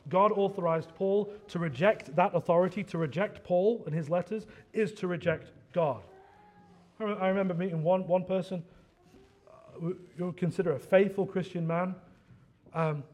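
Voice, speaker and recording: A man's voice: high voice, moderate pace. A man preaching an expository sermon, emphatic, with conversational asides and fillers.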